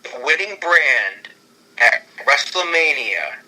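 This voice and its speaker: Excitable rambling man, bright voice. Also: a little high, slow, poor audio. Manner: excitable and rambling, with frequent restarts. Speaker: podcast co-host. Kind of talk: casual podcast chat pitching storylines.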